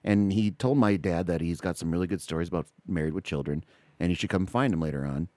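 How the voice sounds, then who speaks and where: A middle-aged man co-hosting a podcast in casual chat, rambling and animated, full of restarts and asides. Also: sits low, fast talker, no echo. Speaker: podcast co-host.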